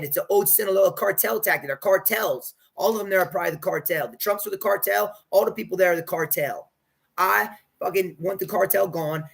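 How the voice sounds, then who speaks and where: Man with a husky voice on the high side for a guy, rambling and bossy, swears a lot. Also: a bit bright, low-quality recording. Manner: rambling, commanding, profane. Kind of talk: rambling monologue.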